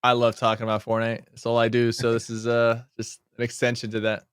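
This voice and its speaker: Smooth-voiced, chatty content-creator man. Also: mid-range voice, monotone, a little fast, a bit bright, no room sound, studio quality. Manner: chatty, explanatory, repeats words. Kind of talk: casual podcast interview.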